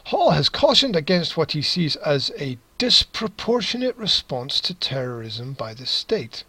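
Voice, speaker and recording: A man's voice: fairly high pitch, very animated, moderate pace, few pauses, pushed and bright, breathy edge, no echo, low-quality recording. A man teaching English, reading a news text aloud and adding sarcastic, chuckling asides.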